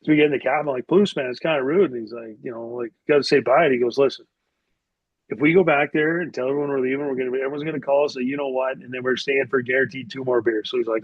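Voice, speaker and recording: A man's voice: mid-range voice, fairly even intonation, very fast, no room sound. A man from Canada tells stories in a loose, rambling way, his talk full of filler words. The recording is dry and a little muffled, with no room sound around him. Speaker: podcast guest, former hockey player. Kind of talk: casual storytelling.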